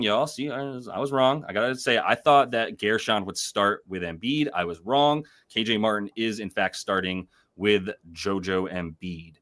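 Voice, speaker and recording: A man with a low voice hosts a live betting stream. He rambles casually, swears freely and corrects himself as he goes. His delivery is loose and unscripted. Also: normal speed, few pauses, a bit bright. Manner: loose, profane, rambling with many fillers. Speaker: sports betting show host.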